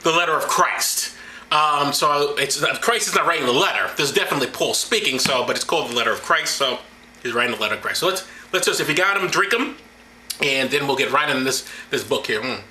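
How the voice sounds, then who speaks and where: A man's voice: mid-range voice, expressive, fast, pushed and bright, a little hiss or hum. A man hosting a comedic video, reading the Bible aloud with mocking, rambling sarcasm. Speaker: vlog host. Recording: roomy echo.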